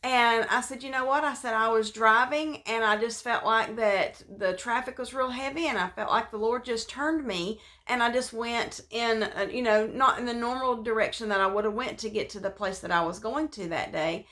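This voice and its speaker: A woman giving an informal devotional talk, speaking conversationally with many fillers and restarts, and dropping to a soft, hushed voice when she voices prayers. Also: a little high, moderate pace, hardly any pauses.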